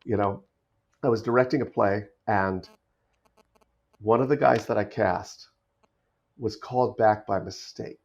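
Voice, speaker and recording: This guest actor from the United States has a fairly low voice, talks a little slowly, and pauses often. On a casual podcast he tells stories animatedly with frequent restarts, heard through dull, lo-fi remote audio.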